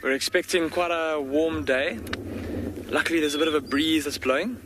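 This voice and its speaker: A man safari guide opening a live nature broadcast outdoors, with a measured, welcoming presenter delivery. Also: a little high. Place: outdoors in the bush. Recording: outdoor ambient noise.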